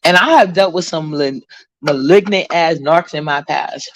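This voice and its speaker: A woman's voice: low-pitched, moderate pace, no echo. A woman from Harlem, chatting casually as a vlogger and reading viewer comments in a blunt, rambling way. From Harlem, New York. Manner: blunt, profane, rambling with many fillers.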